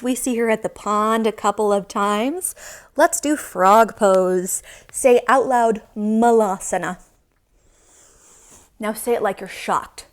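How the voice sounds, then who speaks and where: A woman from Michigan teaching yoga to young children, playful and animated as she talks to small kids. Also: mid-range voice, slow pace.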